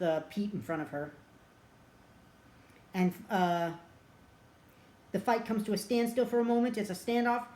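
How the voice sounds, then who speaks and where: A woman casually retelling a movie plot as a reviewer, rambling and chatty with plenty of filler words. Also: mid-range voice. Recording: roomy echo.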